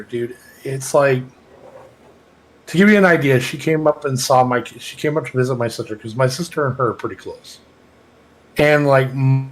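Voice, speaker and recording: A man's voice: medium pitch, rough recording. A man with a Texas accent talking in a casual podcast chat, rambling, heartfelt and full of swearing. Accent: Texan. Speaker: podcast co-host.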